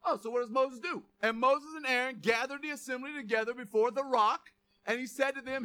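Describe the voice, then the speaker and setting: High-voiced, bright animated preacher. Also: male voice, a little fast, clear, resonant tone. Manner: animated, jokey asides, reads scripture aloud; shouts quoted lines. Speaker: pastor. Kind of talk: sermon.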